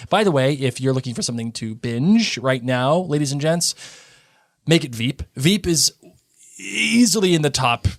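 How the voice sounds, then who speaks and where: A man co-hosts a podcast in casual chat, his voice swooping lively up and down. He jokes and reads passages aloud, recorded dry and close. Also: on the high side, normal speed, gravelly, dry recording. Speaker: podcast co-host.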